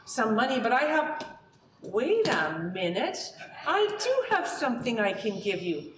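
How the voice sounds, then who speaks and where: A woman's voice: fairly high pitch, very animated, moderate pace, slight background noise. A woman voicing a fretful village washerman who complains and exclaims in a flustered way, stumbling over his words. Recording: roomy hall recording from a distance.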